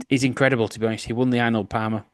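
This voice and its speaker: A man's voice: medium pitch, flat delivery, fast talker, dry recording. Dry, sarcastic man on a podcast. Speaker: podcast co-host. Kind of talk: casual podcast chat.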